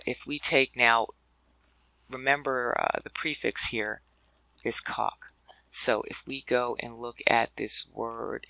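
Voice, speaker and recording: A man's voice: medium pitch, creaky, bright, forceful tone, dry recording, poor audio. A man teaching a scripture word study in a conversational way, with fillers and restarts, addressing listeners as brothers and sisters. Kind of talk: explanatory video lesson.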